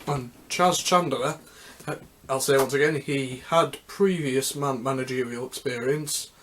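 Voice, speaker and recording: Guy rambling about music history, mid pitch, lots of stops and restarts, super casual. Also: fairly bright tone, slight background noise. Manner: rambling, halting, with many restarts. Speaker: music history video host. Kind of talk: casual unscripted talk.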